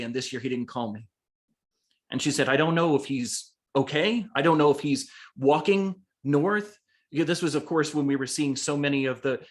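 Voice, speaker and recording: A man's voice: medium pitch, fairly bright tone. A man, an author, talking earnestly about his book in an online session, with frequent restarts. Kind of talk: online talk and Q&A. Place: home, on a video call. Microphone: video call microphone.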